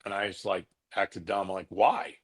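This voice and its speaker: Relaxed middle-aged man telling stories. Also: low-pitched, fairly quick. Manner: relaxed, anecdotal, acts out quoted voices. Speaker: former pitcher, guest. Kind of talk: casual storytelling interview.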